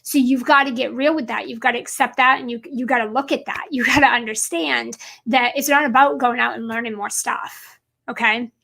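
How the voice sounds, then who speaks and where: A woman's voice: fairly high pitch, steady tone, brisk, gravelly, bright, forceful tone. A woman business coach giving an emphatic motivational talk to camera, repeating her points and calling her viewers guys.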